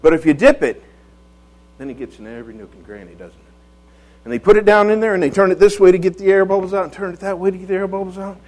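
A man's voice: high voice, fast talker, a little mellow, rough recording. A man preaching a conversational sermon in a church, folksy, often repeating words and asking rhetorical tag questions.

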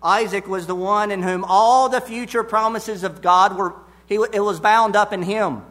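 A man preaching an expository sermon, deliberate and emphatic, repeating his key phrases. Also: high-pitched, fairly even intonation, a bit bright.

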